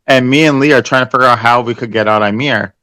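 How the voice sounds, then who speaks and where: A man's voice: medium pitch, fast talker, sharp tone, smooth, no room sound. A man, a reality show contestant, chatting casually and telling a story at a reunion. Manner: chatty storyteller, laughs often.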